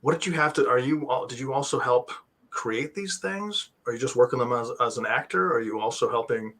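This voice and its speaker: Man hosting an online show, English as second language, joking, rambling, mid pitch. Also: expressive, a little fast, fairly bright tone. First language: not English. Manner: joking, rambling, self-deprecating. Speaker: talk show host. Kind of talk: casual interview chat. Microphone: video call.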